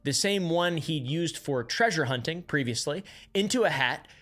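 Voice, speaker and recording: Brisk, wry male storyteller. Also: a little high, expressive, fairly bright tone. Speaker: video narrator. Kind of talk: scripted narration.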